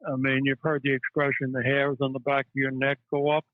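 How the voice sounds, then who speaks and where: A man, a psychiatrist guest, telling stories in a halting way with many fillers. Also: mid-range voice, monotone, no room sound. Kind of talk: casual interview storytelling. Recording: tinny phone-line audio, dry.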